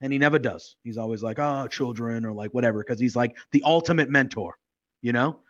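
A man's voice: medium pitch, fairly quick. Rambling, heartfelt man in lo-fi chat. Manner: rambling, heartfelt, lots of fillers. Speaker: podcast co-host. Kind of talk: casual chat.

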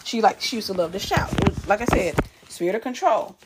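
A woman's voice: medium pitch, lively intonation, fairly quick, heavy background noise. A woman telling a personal story straight to the camera in a casual, emphatic way, often restarting and repeating words. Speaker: vlogger.

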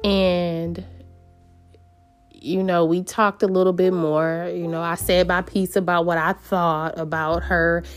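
A woman unhurriedly telling a personal story with earnest reflection. She wanders through her thoughts, restarting sentences and filling pauses, with soft music faintly behind her. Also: on the low side, level tone. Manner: meandering, earnest, many fillers and restarts.

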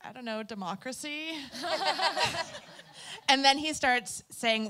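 Bright-voiced woman telling a story. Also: medium pitch, moderate pace, smooth. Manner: animated, laughs often while telling. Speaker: campaign volunteer canvasser. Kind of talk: casual storytelling.

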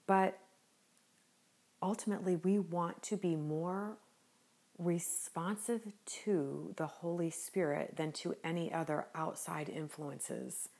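A woman hosting a devotional podcast, talking gently and earnestly in an unhurried way with a smile in her voice. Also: on the low side, fairly even intonation. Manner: gentle, unhurried and earnest, smiling as she speaks. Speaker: podcast host.

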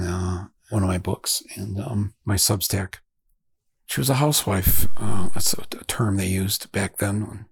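Gravelly, husky man telling a story. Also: lowish voice, no room sound. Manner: reflective, halting, with fillers and restarts. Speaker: podcast host. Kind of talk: storytelling monologue.

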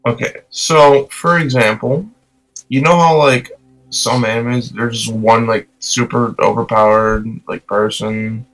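A man's voice: mid-range voice, fairly even intonation, measured pace, fairly bright tone, faint music behind, rough recording. A young man who is still in school, joining a casual podcast chat and talking eagerly and a bit defensively. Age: young adult. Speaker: podcast guest.

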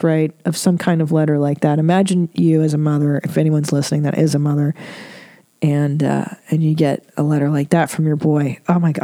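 A woman's voice: sits low, mellow, dry recording, clean studio sound. A middle-aged woman hosting a podcast, giving candid advice on listener letters in a frank, emotional, freely swearing way.

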